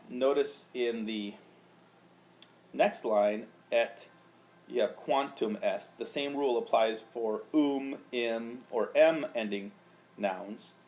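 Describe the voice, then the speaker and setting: Low-voiced guy giving a patient lesson, chants syllables out. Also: a little mellow. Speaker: Latin teacher. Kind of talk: recorded lecture.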